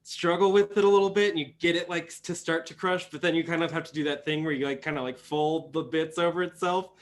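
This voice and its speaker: Young male game master, a bit high-pitched, rambling filler-heavy narration. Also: fairly even intonation, fast talker, slight background noise. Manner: rambling, many fillers and restarts.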